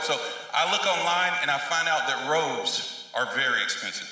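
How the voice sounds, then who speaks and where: High bright preacher in an echoing hall. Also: male voice, moderate pace. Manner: storytelling, rising to emphatic shouted peaks. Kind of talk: sermon. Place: large echoey church hall. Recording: echoey hall from far off.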